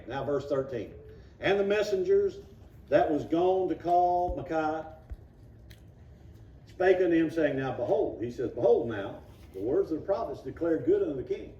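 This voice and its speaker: A man's voice: on the high side, lively intonation, a little slow, long pauses, dark tone. A man teaching an informal Bible class in a church room, reading scripture and acting out the people he quotes. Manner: folksy, acts out the people he quotes; reads scripture aloud, then explains it. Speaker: Sunday school teacher. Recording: roomy, distant, dull room recording.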